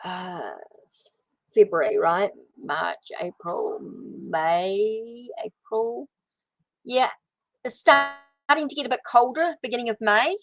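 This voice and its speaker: A woman's voice: on the high side, slow, no echo. Chatty New Zealand woman reading tarot. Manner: chatty, thinks aloud while drawing cards. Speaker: tarot reader. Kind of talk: casual livestream tarot reading.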